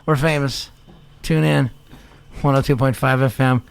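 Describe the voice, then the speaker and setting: A man co-hosting a small local radio show, chatting and joking excitedly, laughing often. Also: mid-range voice, a little slow, creaky, clear, resonant tone. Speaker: radio co-host. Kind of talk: casual radio banter.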